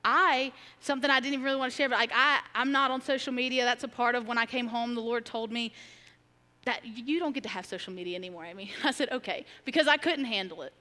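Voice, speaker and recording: Woman pastor, bright tone, candid and conversational sermon delivery. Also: on the high side, fast talker. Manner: candid, emotional, conversational, laughs often. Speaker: preacher. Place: church sanctuary. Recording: long hall reverb.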